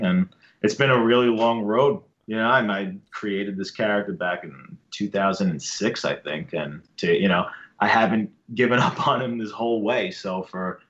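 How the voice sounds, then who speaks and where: A man's voice: on the low side, a bit bright. Laid-back male guest on a dull line. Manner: easygoing, friendly, halting restarts. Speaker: filmmaker guest. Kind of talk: casual podcast interview.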